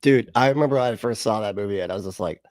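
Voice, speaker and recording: A man's voice: on the low side, very fast, darkish tone, dry recording, studio quality. A man hosting a livestream, reacting to a clip with sarcastic, rambling commentary, frequent laughter and casual swearing. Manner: rambling, with fillers and restarts.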